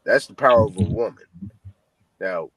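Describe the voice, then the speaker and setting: A man's voice: fairly low pitch, moderate pace, dull audio. A man from California speaking emphatically as a panelist on a heated live-stream debate, acting out what others said. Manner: emphatic, animated, mimics others.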